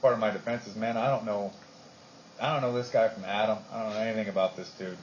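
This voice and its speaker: A man's voice: lowish voice, fairly even intonation, fast. A man boastfully recounting a standoff in casual chat. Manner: laughing, boastful. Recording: muffled lo-fi recording, faint hiss.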